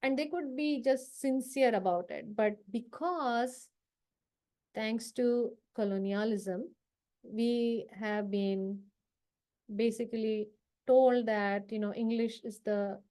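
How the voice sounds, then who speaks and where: Speaking slowly in a warm, fairly high voice with fairly even intonation, a woman trainer from South Asia runs a live workshop on confidence. Her style is casual coaching: she performs brief workplace lines and keeps asking the audience for agreement.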